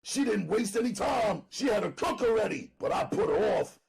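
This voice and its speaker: A man narrating an audiobook dramatically, loud and emphatic, often near shouting. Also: high voice, animated, normal speed, creaky.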